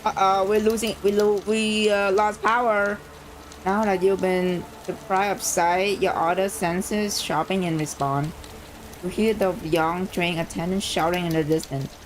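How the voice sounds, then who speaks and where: Excitable woman streamer reading a game. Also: medium pitch, unhurried, a little hiss or hum. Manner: excitable, swears freely, frequent shocked reactions. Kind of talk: reading a story game aloud with live reactions.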